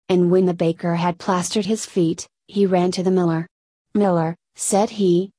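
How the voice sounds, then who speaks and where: A woman reading a classic fairy tale aloud in an even, unhurried storybook manner. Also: medium pitch, no echo.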